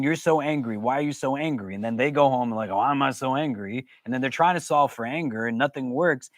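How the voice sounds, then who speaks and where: A man with a medium-pitched voice teaches an interactive religious lesson in a conversational way, often putting questions to his audience. There is no room sound.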